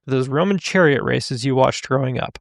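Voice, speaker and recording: A man's voice: mid-range voice, moderate pace, vocal fry, dry recording, studio quality. A man co-hosting a motorcycle podcast, reading a listener's letter aloud in a playful, theatrical way. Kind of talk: casual podcast chat.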